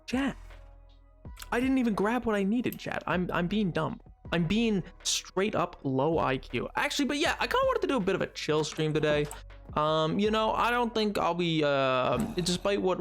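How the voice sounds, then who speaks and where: Gravelly, rambling male streamer. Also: high voice, sing-song, unhurried, fairly bright tone, faint music behind. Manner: rambling, jokey, chatting to viewers. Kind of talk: casual livestream chat.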